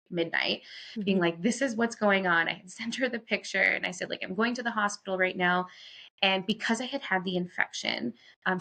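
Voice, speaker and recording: A woman's voice: on the low side, bright, forceful tone. A woman guest on a podcast, candidly telling a personal story in a chatty way, full of "like" fillers and quoting what she and others said. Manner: chatty, frequent "like" fillers, quotes herself.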